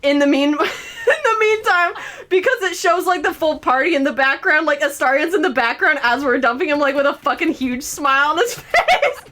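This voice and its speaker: A woman streamer telling a story in casual chat, swearing freely and breaking into laughs and loud outbursts. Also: high-pitched, lively intonation, moderate pace, few pauses. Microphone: streaming mic.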